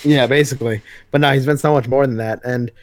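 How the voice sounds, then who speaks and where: A man co-hosting a podcast, chatting casually and retelling scenes with lively put-on voices. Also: mid-range voice, quick pace, dry recording. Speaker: podcast co-host. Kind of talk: casual comic book chat.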